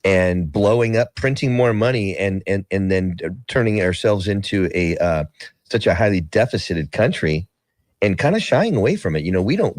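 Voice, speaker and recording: Deep male voice, dry close sound, halting talker who restarts often. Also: a little mellow, no room sound. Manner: halting, many restarts and fillers. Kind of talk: casual discussion.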